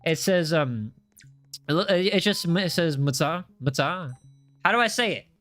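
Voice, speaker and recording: A man's voice: sits high, animated, moderate pace, fairly bright tone, soft background music. A man hosting a live gameplay stream, reading chat aloud and chatting in a playful, teasing way. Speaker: gaming livestream host.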